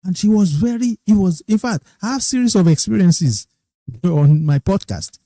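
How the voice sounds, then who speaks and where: A middle-aged man with a Nigerian accent talks casually as a podcast host, with a very mellow, warm tone. He restarts and repeats phrases as he goes, and his pitch climbs when he acts out other people's excitement. The recording is dry and close, with no room echo. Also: moderate pace. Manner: animated, quoting others in raised excited tones. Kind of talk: casual storytelling monologue.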